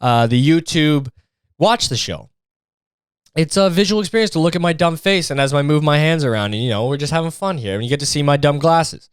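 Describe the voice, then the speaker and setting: A man's voice: on the high side, lively intonation, a little fast, clear, resonant tone, dry recording, clean studio sound. A man hosting a comedy podcast, talking in a rambling, sarcastic and profane way. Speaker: podcast host. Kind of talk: casual comedic monologue.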